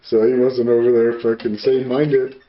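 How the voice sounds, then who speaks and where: A man co-hosting a podcast tells a crude story in casual conversation, swearing heavily and laughing along the way. His medium-pitched voice is flat and moderately paced, recorded in an echoey room with dull, lo-fi sound and faint noise.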